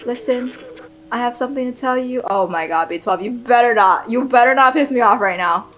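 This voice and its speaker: A woman's voice: a little high, a little fast, fairly bright tone, poor audio. A young woman doing let's play commentary, swearing and talking emotionally to the characters on screen. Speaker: gaming YouTuber. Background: faint game music.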